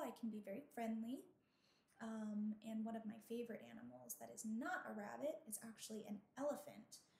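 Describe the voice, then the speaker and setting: A woman hosting a children's storytime as a librarian, talking gently in a sing-song tone and reading a picture book aloud. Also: on the high side, roomy sound.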